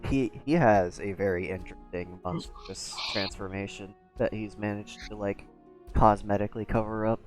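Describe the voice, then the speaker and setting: A man's voice: fairly low pitch, steady tone, moderate pace, faint music behind. A man running a tabletop game as game master, narrating in a laid-back way.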